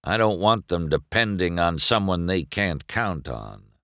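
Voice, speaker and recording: Man doing a stern, grumbling older race car, bitter and unhurried, dry sound. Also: low voice, animated, fairly bright tone, dry recording.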